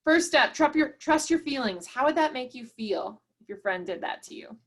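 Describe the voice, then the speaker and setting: Encouraging woman running a zoom workshop, kinda high voice, reads chat answers and cheers everyone on. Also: expressive, normal speed, fairly bright tone. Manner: upbeat, encouraging, says "y'all" often. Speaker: workshop facilitator. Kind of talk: online workshop, reading chat replies.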